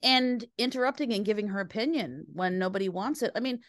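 A woman in casual podcast conversation, talking in an animated, opinionated way with quick asides. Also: medium pitch, dry recording, studio quality.

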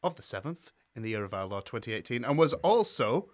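A man's voice: mid-range voice, very animated, a little fast. A man hosting a casual podcast chat, jokingly reading out chart dates. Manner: jokey, reads chart dates with mock ceremony. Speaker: podcast host.

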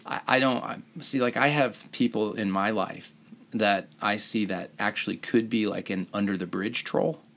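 Gravelly, bright-voiced man telling stories. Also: fairly low pitch, fairly even intonation, moderate pace. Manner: self-mocking, rambling storyteller. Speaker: surgeon and podcast host. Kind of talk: casual podcast chat.

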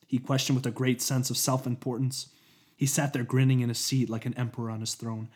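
A man co-narrating a science-fiction story in an expressive reading. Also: mid-range voice, a little fast.

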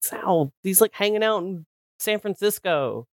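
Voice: medium pitch, measured pace, no room sound, studio quality. A podcast panelist ranting in casual chat, swearing freely and acting out quoted lines. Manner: animated swearing rant, mimics quotes.

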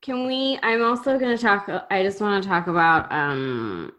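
A woman's voice: mid-range voice, expressive, normal speed, a bit bright. Chatty, enthusiastic woman podcast co-host. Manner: chatty, enthusiastic, frequent restarts and laughs. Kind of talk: casual chat.

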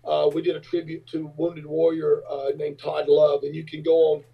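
A man telling rock road stories in a casual interview, acting out other people's voices in a high pitch. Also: monotone, moderate pace, vocal fry, breathy edge. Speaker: rock singer and businessman, guest. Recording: dull lo-fi remote audio.

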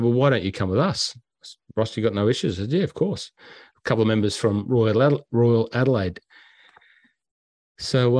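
In a dry recording, an Australian podcast host with a voice on the low side tells travel stories in casual chat. His delivery is animated, and he acts out the quotes and sounds.

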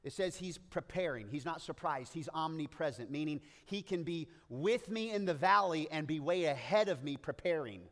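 Guy preaching a sermon, jokey and animated, kinda highish voice, trips over his words a lot. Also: moderate pace, hardly any pauses, big-room sound. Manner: joking, animated preaching with playful asides. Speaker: pastor.

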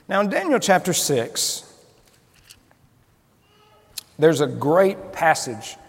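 A man preaches in a chatty, questioning way, as if talking with his listeners. His voice sits high for a man. A long reverb trails his words, as in a large hall. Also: fairly bright tone. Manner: conversational, asks the listeners questions. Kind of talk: sermon.

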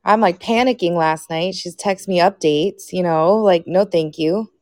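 A woman's voice: fairly low pitch, a little slow, a little mellow, no echo, clean studio sound. A woman co-hosting a podcast, chatting casually and reacting briefly. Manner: brief reactions, laughs along. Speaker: co-host. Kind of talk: casual chat.

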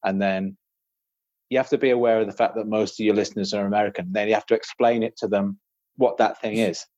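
A man's voice: lowish voice, fairly even intonation, fast, darkish tone, dry recording, lo-fi sound. A man, a podcast host and audiobook narrator, chatting casually in a rambling, self-deprecating way with frequent laughs. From Britain.

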